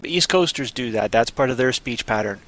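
A man's voice: medium pitch, animated, a little fast, a bit bright. A man co-hosting a casual podcast chat, joking around and slipping into put-on voices. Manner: joking, drifts into put-on voices and a mock Canadian accent. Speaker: podcast co-host.

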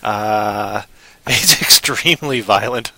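A man co-hosting a casual podcast chat, rambling and joking, often breaking into loud silly voices. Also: lowish voice, slow, dry recording, poor audio. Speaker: podcast co-host.

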